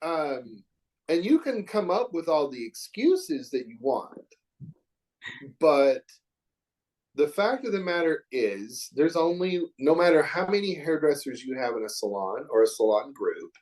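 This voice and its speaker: A man's voice: fairly high pitch, very animated, a little slow, a little mellow. A middle-aged man from Oklahoma, a hair educator talking as a podcast guest in an earnest, reflective, emphatic way. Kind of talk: podcast interview chat.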